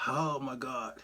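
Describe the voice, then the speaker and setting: A sharp, breathy edge marks this middle-aged man's mid-range voice. Hosting a casual online talk show where he reads live chat, he keeps laughing and mimicking people while he comments.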